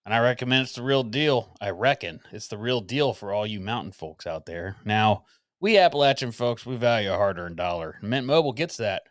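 A man's voice: lowish voice, animated, a little fast, no echo, lightly acted. A man reading an ad as a folksy Appalachian mountain man, in close to his own voice with playful emphasis. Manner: reads the ad text aloud with folksy wording and playful emphasis.

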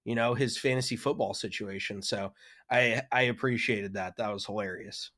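A man's voice: on the low side, normal speed, bright, forceful tone. A young man co-hosting a podcast, ranting casually with frequent swearing. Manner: laid-back, profane ranting. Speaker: podcast co-host. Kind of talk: casual chat.

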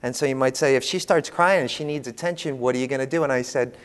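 A man's voice: medium pitch, fast, smooth. Man telling jokey stories, hall reverb. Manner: humorous, animated anecdotes. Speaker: panel speaker. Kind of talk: storytelling talk to an audience.

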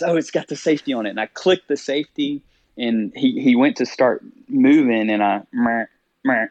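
A man with a lowish voice tells his story as a podcast guest, laughing often and voicing his own thoughts in the moment. The recording is dull, lo-fi and dry, with no room sound. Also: no echo. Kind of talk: storytelling interview.

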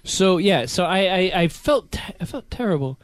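A man telling stories in casual chat, laughing and acting out voices and yells. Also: sits high, moderate pace, no room sound. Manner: animated storyteller, laughing, acts out voices and yells.

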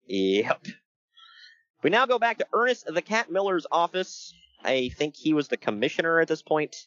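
Guy on a podcast, lively voice, a bit high, dull dry sound, jokes and laughs a lot. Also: normal speed, dry recording. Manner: animated, jokey, laughs often. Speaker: podcast co-host recapping wrestling. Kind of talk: casual chat.

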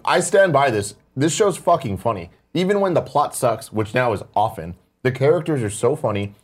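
A man of ordinary pitch co-hosts a relaxed chat show. He states strong opinions bluntly and swears casually. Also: normal speed, breathy edge. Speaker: co-host.

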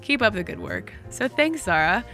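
Woman podcast cohost, bright voice, chatty, trips over her words a bit, reads out listener emails. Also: on the high side, very animated, normal speed, soft background music. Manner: chatty, restarts and repeats words. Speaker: podcast co-host. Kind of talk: casual podcast chat and reading listener mail.

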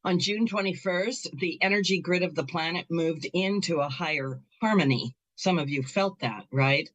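A woman's voice: fairly low pitch, normal speed, a bit bright. A middle-aged woman hosting a talk show and Reiki practice, chatting in an upbeat way with frequent laughs and fillers. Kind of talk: casual chat.

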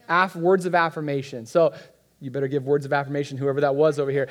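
A man's voice: a little high, fairly even intonation, fast. A man in his thirties giving a guest sermon in a church, talking conversationally and joking with the congregation. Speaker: guest pastor.

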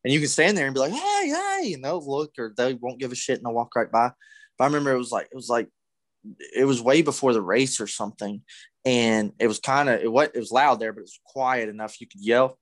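A young man co-hosting a casual podcast chat, telling stories excitedly with loud acted-out yells and plenty of swearing. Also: medium pitch, fast, no echo. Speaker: podcast co-host.

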